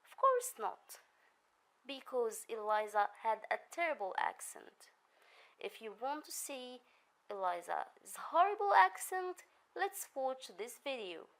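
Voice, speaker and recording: A woman teacher narrating a recorded literature lesson, speaking deliberately and addressing her students directly. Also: fairly high pitch, sing-song, fairly bright tone, rough recording.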